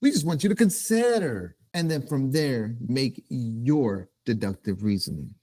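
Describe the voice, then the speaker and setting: A man's voice: mid-range voice, expressive, measured pace. A man co-hosting a motivational talk, pressing listeners to think for themselves and commit. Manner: urges, then shouts to drive a point home. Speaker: co-host.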